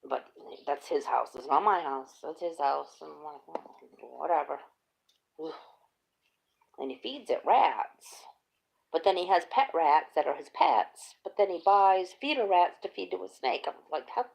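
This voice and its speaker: Low gravelly middle-aged woman telling stories. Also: unhurried. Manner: animated storytelling, laughs often. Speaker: host. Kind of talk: casual chat.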